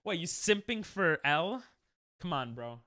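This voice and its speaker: A man's voice: a little high, sing-song, measured pace, pushed and bright, no echo. Coughing, sick young man streaming a game. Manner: casual, jokey, reads and answers chat. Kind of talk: live-stream gaming chat.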